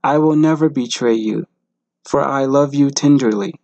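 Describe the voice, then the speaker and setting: A man's voice: mid-range voice, moderate pace, gravelly, a little mellow, no echo, dull audio, natural voice. Man reading Jesus: earnest, pleading divine savior, mid voice, dry close sound. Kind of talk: devotional message reading.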